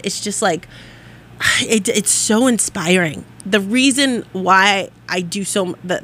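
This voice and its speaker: A woman's voice: medium pitch, fairly bright tone, a little hiss or hum. A woman hosting a radio show in a studio, talking in an effusive, rambling, upbeat way. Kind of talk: casual on-air monologue.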